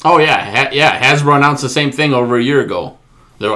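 A man co-hosting a casual podcast, animated and joking, reading out news items. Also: mid-range voice. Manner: animated, quick to joke, reads news items aloud. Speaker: podcast co-host.

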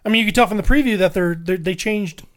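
A man's voice: high voice, fast talker. A man co-hosting a casual movie review chat, rambling and repeating words as he searches for his point. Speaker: podcast co-host.

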